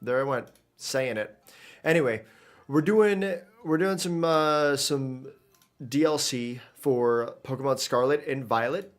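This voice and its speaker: A man's voice: medium pitch, slow pace, soft background music. A man streaming a video game, talking casually and rambling with lots of fillers and restarts as he plays. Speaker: gaming streamer. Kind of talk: casual live gameplay commentary.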